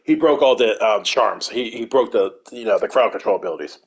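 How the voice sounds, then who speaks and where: A man's voice: lowish voice, a little fast. A man telling a gaming story in casual chat, swearing a lot and acting out what others said. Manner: animated and profane, acts out what others said.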